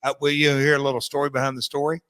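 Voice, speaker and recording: A man's voice: medium pitch, little pitch movement, very fast, fairly bright tone, smooth, no echo. A man co-hosting a podcast, telling a rambling story full of fillers and restarts. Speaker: podcast co-host. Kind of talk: casual chat.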